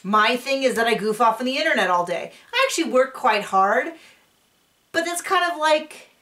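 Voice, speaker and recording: A woman chatting casually as she recaps a show, rambling and acting out quotes in a higher voice. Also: animated, moderate pace, bright, forceful tone, distant mic. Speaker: recap vlogger.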